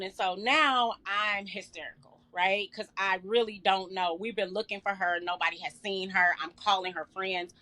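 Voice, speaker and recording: Bright-voiced woman recounting a loss. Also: mid-range voice. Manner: earnest, emotional storytelling with many fillers. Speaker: guest. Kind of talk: personal account in interview.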